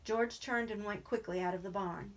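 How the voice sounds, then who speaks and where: A woman reads a novel aloud at a mid pitch, steady and even. There is a faint hiss of noise under her voice. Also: moderate pace. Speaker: reader.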